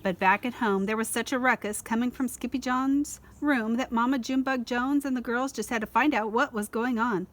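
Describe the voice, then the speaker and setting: Woman librarian, slightly high voice, lively picture-book read-aloud. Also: normal speed, hardly any pauses. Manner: lively, expressive storytelling. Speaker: school librarian.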